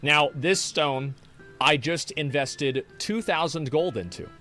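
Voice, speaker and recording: Male streamer, 30s, brash and profane, rambling casual chat at a desk mic, a bit higher pitched, faint music underneath. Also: takes it slowly, pushed and bright.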